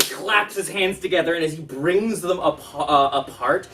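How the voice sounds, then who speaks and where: A man running a tabletop game as dungeon master, describing action in a relaxed way with many fillers, recorded from a distance with music behind. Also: fairly high pitch, normal speed, few pauses. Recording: distant mic with background music.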